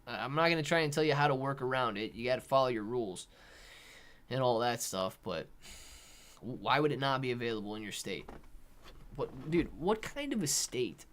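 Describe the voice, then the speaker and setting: A man's voice: mid-range voice, normal speed. Casual-talking man hosting a trading livestream. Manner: animated, sarcastic rants, reads chat aloud. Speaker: livestream host. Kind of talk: casual live market commentary.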